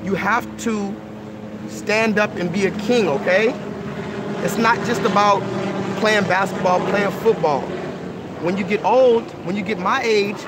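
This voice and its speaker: Earnest high-voiced man coaxing kids. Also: measured pace, very noisy. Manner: earnest, coaxing, keeps asking "okay?" and "right?". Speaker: livestream host. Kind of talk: casual live-stream talk with kids. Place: outdoors by a pool.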